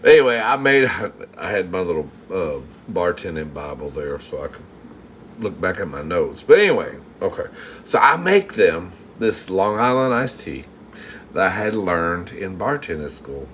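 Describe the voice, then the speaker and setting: A man's voice: low voice, big pitch swings, normal speed, a bit bright, slight background noise. A man hosting a live stream from his kitchen, telling a long campy story, laughing often and acting out customers. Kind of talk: casual storytelling to live chat. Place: home kitchen.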